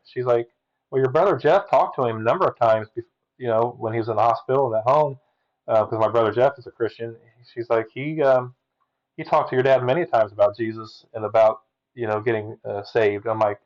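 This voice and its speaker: A man's voice: mid-range voice, fairly quick, a little mellow, muffled recording. A man as a podcast guest, earnestly telling a personal story, often restarting and acting out quotes.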